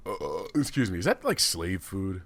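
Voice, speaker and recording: A man's voice: sits low, wildly swooping pitch, normal speed, fairly bright tone, no echo. A man co-hosting a comedy podcast, talking in a crude, teasing, casual way. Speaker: podcast co-host.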